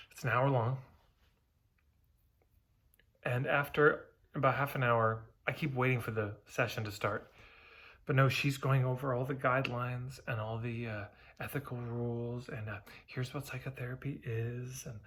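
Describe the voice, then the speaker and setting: Husky-voiced man giving candid marketing advice. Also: medium pitch, fairly bright tone. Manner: candid, conversational, emphatic. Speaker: marketing coach. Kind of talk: casual advice talk to camera.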